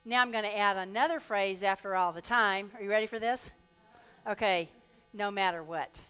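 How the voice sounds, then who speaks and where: Lady minister preaching at church, mid-pitched voice, stretches out the affirmations slow and then perks up telling a little poem. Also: clean tone, soft background music. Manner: leads the congregation in slow, drawn-out affirmations; reads a rhyming poem aloud with lively expression. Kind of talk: sermon. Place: church sanctuary.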